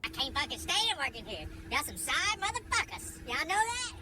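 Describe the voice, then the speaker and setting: A woman's voice: high-pitched, sing-song, background noise. Woman doing a profane lineman. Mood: fed up. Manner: rambling, profane, fast bursts. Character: crude excitable male lineman.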